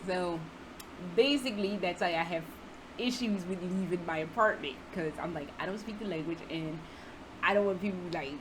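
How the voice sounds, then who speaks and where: A woman's voice: on the low side, moderate pace, background noise. Profane, self-mocking young American woman. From United States. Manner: profane, self-deprecating, laughs often. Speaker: vlogger. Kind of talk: casual vlog monologue. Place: apartment indoors.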